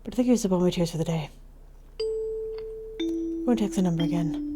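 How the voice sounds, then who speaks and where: A woman hosting a gaming channel, reading the narration of a visual novel aloud in a calm, soft storytelling way. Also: lowish voice, quick pace, loud music behind the voice.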